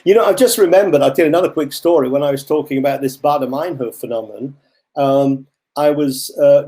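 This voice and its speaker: An older man presenting a webinar for learners, telling stories with lively, animated asides over a computer microphone. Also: on the high side.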